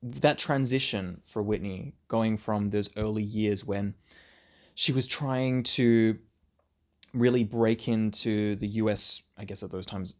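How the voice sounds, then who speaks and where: A man's voice: lowish voice, a little mellow. A man co-hosting a casual music podcast, chatting with enthusiasm about favourite songs and albums. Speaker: podcast co-host. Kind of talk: casual chat.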